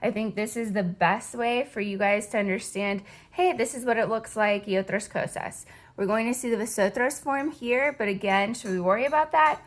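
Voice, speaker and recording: Chatty woman teaching Spanish verbs. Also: mid-range voice. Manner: chatty, reassuring, drills conjugations slowly. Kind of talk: recorded online grammar lesson.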